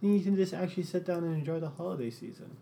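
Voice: mid-range voice, very fast, creaky, warm tone. Laid-back podcast co-host, faint hiss. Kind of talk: casual chat.

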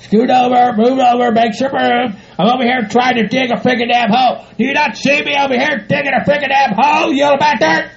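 Gruff hillbilly rancher, voiced by a man, gravelly and high, cussing nonstop, lo-fi audio. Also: fairly even intonation, brisk, hardly any pauses. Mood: grumbling. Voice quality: gravelly, exaggerated country hick voice. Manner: grumbles, swears, keeps repeating "by God". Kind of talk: comedy audio skit. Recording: dull lo-fi home recording.

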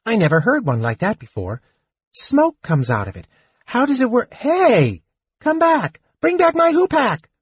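A man voicing an eager, curious young male kender with an excited, high-pitched delivery. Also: moderate pace, slightly rough, no echo, exaggerated voice. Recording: dull lo-fi audio.

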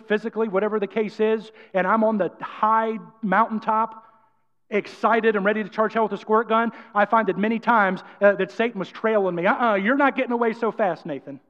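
A man preaching a sermon with energy and emphasis, often acting out quotes. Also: high voice. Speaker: pastor. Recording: dull sound, long church-hall reverb.

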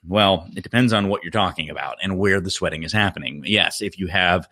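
A man's voice: low voice, brisk, few pauses, bright, forceful tone, no room sound, clean studio sound. A man who works as an HVAC contractor, talking through technical points on a podcast in a practical, explanatory way and correcting himself as he goes.

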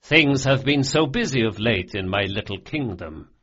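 A man voicing a courteous yet quietly threatening older crime lord in an audiobook, with a lively, measured delivery on a dull lo-fi recording. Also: mid-range voice, slightly rough. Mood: suave, menacing. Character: smooth, menacing older male crime lord.

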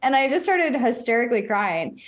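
A woman with a slightly high voice tells a personal story in a loose, chatty way. She laughs often and swears casually. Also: very animated, moderate pace, over a noisy crowd. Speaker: podcast co-host.

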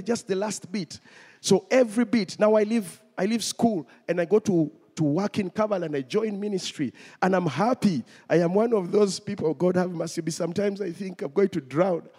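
A man's voice: high-pitched, warm tone. A man preaching a testimony sermon, telling his story and speaking directly to the congregation. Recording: long hall reverb.

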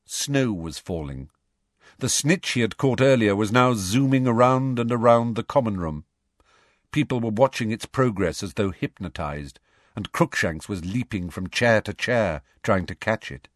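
Low-voiced man reading a storybook. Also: moderate pace, dry recording, clean studio sound. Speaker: audiobook reader. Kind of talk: storybook narration.

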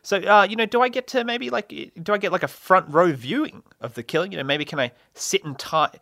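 A man's voice: high-pitched, fast talker, creaky, sharp tone, dry recording, studio quality. A young man hosting a solo comedy podcast, rambling and self-mocking with lots of fillers and laughs. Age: young adult. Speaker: podcast host.

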